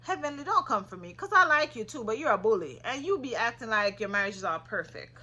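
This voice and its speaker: A woman casually recapping a reality show, sassy and opinionated, getting loud when she gets passionate. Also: fairly high pitch, very animated, quick pace.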